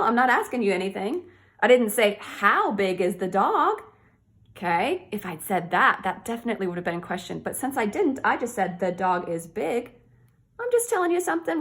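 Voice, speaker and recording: Woman, teacher, early-grade lesson, sounds out words slowly, encouraging. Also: mid-range voice, fairly bright tone. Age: adult.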